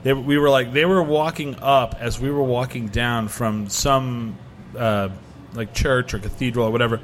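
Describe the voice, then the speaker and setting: A man's voice: mid-range voice, fairly even intonation, normal speed, slight background noise. Middle-aged man telling rambling stories. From United States. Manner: rambling storyteller, many "like" fillers, acts out quotes. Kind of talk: casual chat.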